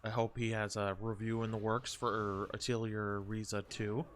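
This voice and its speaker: A man's voice: lowish voice, flat delivery, normal speed, slight background noise. A man streaming and chatting casually to his viewers, rambling and cutting himself off as he talks. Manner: rambling, chatty, self-interrupting. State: a bit out of breath.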